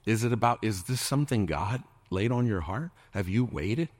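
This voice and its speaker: With a lowish, expressive voice at normal speed and no echo, a man delivers a sermon as a pastor. He asks the congregation many questions, preaches at them, and mimics people for laughs.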